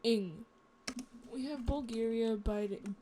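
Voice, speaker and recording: A woman's voice: fairly high pitch, drawn-out words, warm tone. A woman casually narrating a map series in a rambling, self-mocking way, joking as she goes. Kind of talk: casual commentary over a map.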